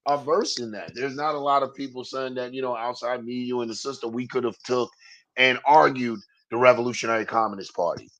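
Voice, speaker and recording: A man hosting a casual talk show, telling stories in a digressive way and getting animated as he recounts them. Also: mid-range voice, brisk. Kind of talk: casual political chat.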